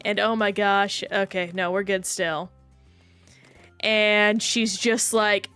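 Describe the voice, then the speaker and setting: A woman's voice: mid-range voice, steady tone, slow pace, a bit bright, smooth, dry recording, faint music behind. A woman streaming a game, chatting casually and rambling while reacting to play and chat.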